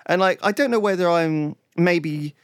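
A man from the UK, chatting casually as a podcast host, telling stories in an animated way, swearing often and leaning on "like" and "right?". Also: high-pitched, moderate pace, smooth, no echo, studio quality. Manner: animated storytelling, heavy swearing, lots of "like" and "right?". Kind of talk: casual chat.

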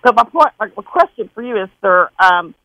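A woman's voice: mid-range voice, expressive, brisk, sharp tone, dry recording. A woman calling in to a radio show with a mixed Wisconsin and Southern accent, hesitant and apologetic as she rambles. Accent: Wisconsin and Southern mix. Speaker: caller. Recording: tinny dry phone line.

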